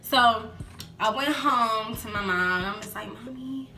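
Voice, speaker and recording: A young woman chatting casually in a storytime vlog, acting out quotes in lively voices. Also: a little high, a little slow. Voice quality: animated, acts out quotes in voices. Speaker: vlogger. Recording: roomy echo with background music.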